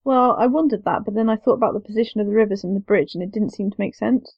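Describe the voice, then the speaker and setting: A woman's voice: medium pitch, fast talker, slightly rough, dry recording. A woman co-hosting a book podcast, wry and joking as she gives her opinions. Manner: wry, joking, laughs easily. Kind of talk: casual podcast chat. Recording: dry, slightly dull lo-fi recording.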